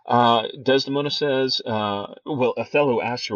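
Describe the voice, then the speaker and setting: A man lectures on a play, reading quotes aloud and talking casually with lots of fillers and restarts. His voice is medium-pitched and his pace measured, caught on a dry, dull, lo-fi recording.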